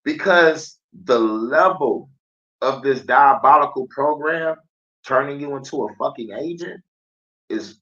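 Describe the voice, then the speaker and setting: A man's voice: medium pitch, measured pace, sharp tone. A man hosting a live stream, rambling in a casual, profane monologue and laughing often. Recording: dull lo-fi stream audio.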